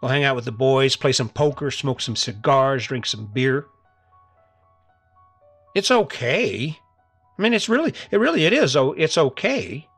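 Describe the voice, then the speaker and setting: A man's voice: mid-range voice, animated, unhurried, pauses often, fairly bright tone, no room sound, soft background music. A middle-aged man hosting a podcast, giving an earnest, coaxing motivational talk that keeps repeating the same challenge to his listeners. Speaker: podcast host. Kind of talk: motivational monologue.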